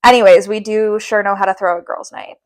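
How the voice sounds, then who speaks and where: A woman's voice: medium pitch, fairly even intonation, a little fast. A young woman co-hosting a casual podcast, teasing and bantering playfully. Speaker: podcast co-host. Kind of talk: casual chat.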